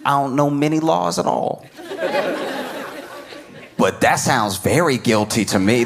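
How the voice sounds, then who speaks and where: A man's voice: a little high, very animated, measured pace, long pauses, a crowd in the background, noisy background. A man doing a stand-up comedy set, riffing with disbelief and repeating his lines for effect.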